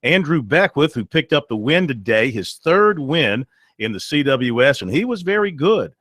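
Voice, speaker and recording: A man's voice: medium pitch, very animated, fairly bright tone, no echo. Dry-voiced male sports radio host. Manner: conversational, recaps plays with frequent uh pauses.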